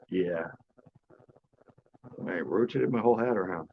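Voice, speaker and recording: A man's voice: sits low, slow, vocal fry, slight background noise. Joking man on a lo-fi live stream. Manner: joking, sarcastic, laughs often. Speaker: host of a live fishing stream. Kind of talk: casual live-stream chat, reading comments. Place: outdoors on his porch.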